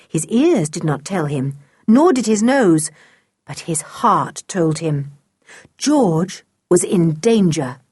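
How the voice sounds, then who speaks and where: A woman narrating a children's adventure audiobook in an expressive, unhurried manner. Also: mid-range voice, husky, no room sound, clean studio sound. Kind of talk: storybook narration.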